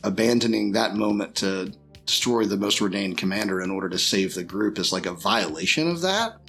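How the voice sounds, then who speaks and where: A man's voice: on the low side, lively intonation, brisk, gravelly, a bit bright, faint music behind. A man player musing thoughtfully in a casual chat.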